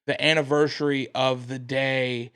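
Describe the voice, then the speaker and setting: A man's voice: medium pitch, unhurried, clean tone. An American man, a comedian guest on a podcast, telling a long story in casual chat and acting out the people in it. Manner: animated, acts out quoted voices.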